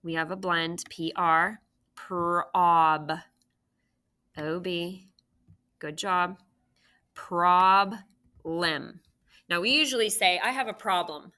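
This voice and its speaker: A woman teaches a recorded phonics lesson to young children. She speaks very slowly and patiently, sounding out each syllable. Her voice sits a little low but has a bright, clear edge.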